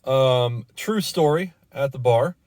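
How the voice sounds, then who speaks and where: A man's voice: medium pitch, slow pace, darkish tone, no echo. Man, bar manager, casual storytelling rant, swears, lots of ums, dry close sound. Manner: casual and profane, with many fillers and restarts.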